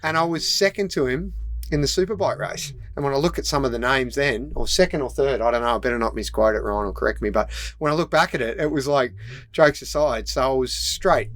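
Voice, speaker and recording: Animated Australian man telling stories. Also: medium pitch, a little fast, no room sound. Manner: animated, laughing, acts out voices in his stories. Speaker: podcast guest, retired road racer. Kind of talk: casual storytelling. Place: outdoors in a busy race paddock.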